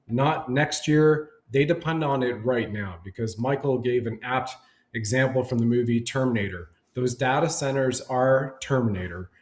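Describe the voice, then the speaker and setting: A man's voice: medium pitch, roomy sound, poor audio. A man speaking as a guest on a panel discussion, rambling and emphatic in long run-on sentences over a video call.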